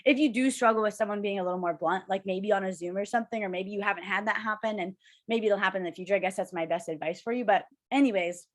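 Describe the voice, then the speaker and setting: Fast-talking, bubbly young woman co-host. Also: medium pitch. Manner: fast, bubbly, rambling with many "like"s. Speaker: podcast co-host. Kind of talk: casual chat. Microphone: video call.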